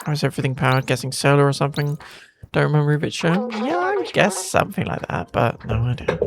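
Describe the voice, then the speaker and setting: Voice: medium pitch, very animated, fast talker, creaky, background noise. Rambling let's-play streamer. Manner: rambling, filler-heavy. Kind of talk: casual let's-play chat.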